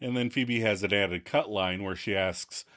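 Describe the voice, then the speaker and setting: A man's voice: fairly low pitch, normal speed, fairly bright tone. A man co-hosting a podcast, narrating in casual chat with wry, laughing asides. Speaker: podcast co-host.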